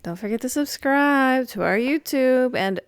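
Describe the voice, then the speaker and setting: A woman's voice: sits high, lively intonation, measured pace, smooth, dry recording. A young woman co-hosting a podcast in casual chat, giving brief reactions and an upbeat sign-off. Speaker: podcast co-host.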